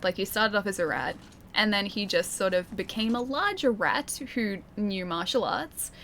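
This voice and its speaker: Here a young woman with a mild Australian accent offers relaxed gameplay commentary, chatting, laughing and reading chat. Her voice is medium in pitch and a bit bright, with slight background noise. Her manner is giggly, talkative and self-deprecating.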